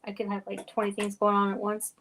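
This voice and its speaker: A middle-aged woman chatting casually as co-host, easygoing and self-deprecating, quick to laugh. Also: medium pitch, monotone, fairly bright tone, slight background noise. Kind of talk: casual chat.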